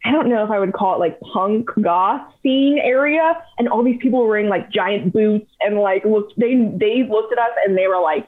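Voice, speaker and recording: A young adult woman guesting on a podcast, telling travel stories in an animated, chatty way with plenty of fillers. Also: medium pitch, normal speed, hardly any pauses. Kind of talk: casual storytelling chat. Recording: tinny phone-like sound.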